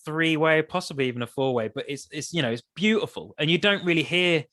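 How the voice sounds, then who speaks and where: A man, a songwriter guest on a podcast, talking in a thoughtful, hesitant way with many restarts, his voice still a bit rough from the early morning. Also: a little high, fast talker, fairly bright tone. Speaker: musician guest. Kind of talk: casual interview chat.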